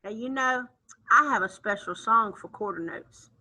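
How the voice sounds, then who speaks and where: A woman music teacher leading an online lesson for young children, chanting syllables in an animated, sing-song voice. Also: a little high, moderate pace, rough recording. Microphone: computer mic on a video call.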